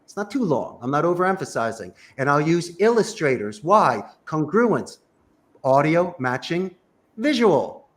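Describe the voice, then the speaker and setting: High, animated man coaching with emphasis. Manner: emphatic, rapid-fire instructions with rhetorical questions. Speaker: sales trainer.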